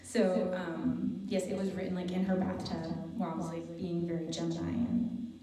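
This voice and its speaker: A woman singer talking softly and unhurriedly between songs, laughing between phrases, heard from away from the mic. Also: fairly low pitch, little pitch movement, normal speed, far from the mic, a crowd in the background. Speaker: singer introducing her songs. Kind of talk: casual spoken intro between songs. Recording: very echoey room, from afar, with music behind.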